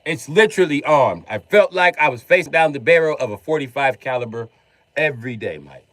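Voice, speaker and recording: A man's voice: on the high side, lively intonation, a little fast, a bit bright, dry recording, pitched above the performer's own voice. A chummy London bloke, put on by a man, who tacks "mate" onto the end of nearly every line. The voice swings up and down a lot and sounds dry and close, with no room around it.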